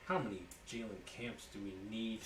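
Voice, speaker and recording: A man's voice: lowish voice, moderate pace, reverberant, noisy background. Man hosting a card break, far from the mic. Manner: calls out cards as he opens packs, jokes and talks to viewers by name. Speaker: sports card break host. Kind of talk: live card break stream commentary.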